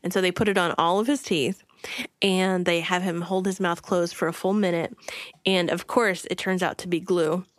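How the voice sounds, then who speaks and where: A woman's voice: fairly low pitch, fairly even intonation, normal speed, no room sound. A woman co-hosting a book podcast in casual chat, retelling a story and slipping into quoted voices. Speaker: podcast co-host.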